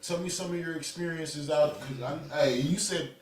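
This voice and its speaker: A man's voice: a little high, crowd noise. Slangy podcast host man in echoey room. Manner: profane slang, quick back-channel replies. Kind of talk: casual chat.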